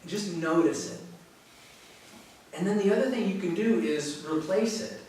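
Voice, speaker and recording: A man giving a relaxed, conversational spiritual talk to a yoga class, telling stories and chuckling often. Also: sits high, moderate pace. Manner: conversational, storytelling with frequent chuckles. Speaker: teacher. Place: yoga studio. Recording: very echoey room from far off, faint noise.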